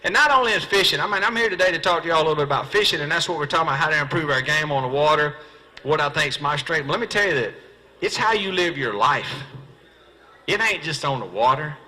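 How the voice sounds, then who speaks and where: Bright-voiced Southern man spinning folksy yarns. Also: a little high, expressive, rough recording. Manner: folksy, self-mocking, quick punchlines, acts out dialogue. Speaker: professional bass angler giving a comedy fishing seminar. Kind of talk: stand-up storytelling to a live audience. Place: seminar hall.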